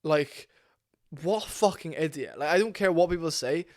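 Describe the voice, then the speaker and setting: A man's voice: fairly high pitch, lively intonation, normal speed. A man ranting bluntly in a casual, sweary vlog about fighting. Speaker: MMA commentary vlogger. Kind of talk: opinionated casual rant.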